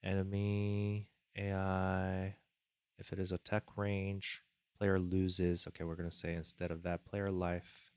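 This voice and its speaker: A man's voice: low voice, level tone, moderate pace, no room sound. A man streaming his game development, thinking aloud as he codes and chatting casually with viewers on a close desk mic. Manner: thinking aloud while coding, muttering to himself; reads chat and thanks viewers casually. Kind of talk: live-stream coding chat.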